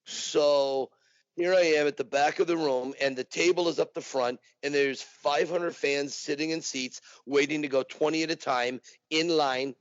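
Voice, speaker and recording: A man being interviewed, telling his story animatedly. His voice is slightly high for a man. The sound is dry and somewhat muffled, with no room echo. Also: normal speed. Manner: animated anecdote telling with acted quotes. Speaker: interview guest, impersonator. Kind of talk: casual storytelling. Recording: dull dry recording.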